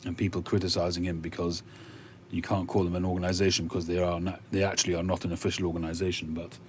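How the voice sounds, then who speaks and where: Male streamer, deep voice, relaxed thinking-aloud chat with viewers, lots of hesitant pauses. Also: slight background noise. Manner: conversational, musing, with frequent hesitations. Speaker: livestream host reading viewer comments. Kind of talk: casual chat.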